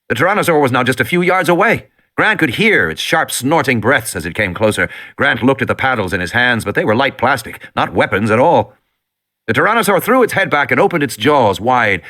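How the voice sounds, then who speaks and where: An audiobook narrator reads scripted text with dramatic, tension-building storytelling. His voice sits at a medium pitch with a sharp tone.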